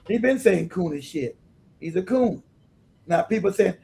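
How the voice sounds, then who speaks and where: A man hosting a livestream, delivering emphatic, animated commentary and laughing often as he talks. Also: high-pitched, unhurried, creaky, long pauses. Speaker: livestream host.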